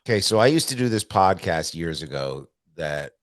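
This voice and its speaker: Deep-voiced man telling profane stories. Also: moderate pace, dry recording, clean studio sound. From Canada. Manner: profane, animated anecdotes with quoted voices. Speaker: stand-up comedian guest. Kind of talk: casual storytelling interview.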